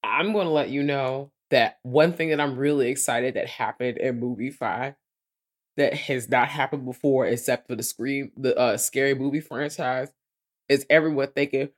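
A woman co-hosting a casual movie review podcast, talking in an animated, slangy way. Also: very deep voice, moderate pace. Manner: animated, slangy, laughs while telling. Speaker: podcast co-host.

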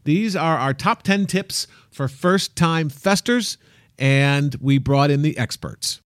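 A man hosting a podcast in casual chat, relaxed and talkative with frequent fillers. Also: fairly high pitch, slow, no room sound, clean studio sound. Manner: relaxed, chatty, hesitant fillers. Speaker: podcast host.

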